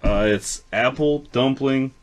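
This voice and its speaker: A man's voice: medium pitch, takes it slowly. A man co-hosting a casual podcast, chatting in a laid-back way and swearing now and then. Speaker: podcast co-host. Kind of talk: casual chat.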